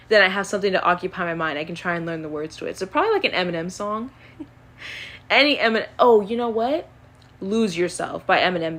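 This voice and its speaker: A young woman casually answering would-you-rather questions on her own channel, chatty and animated, with plenty of fillers. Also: fairly low pitch. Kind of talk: casual chat.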